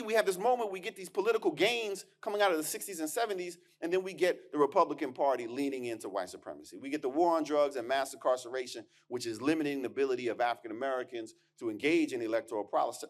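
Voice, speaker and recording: A man giving a keynote lecture as a historian, emphatic and conversational, with punchy asides and words repeated as he restarts. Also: medium pitch. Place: lecture hall.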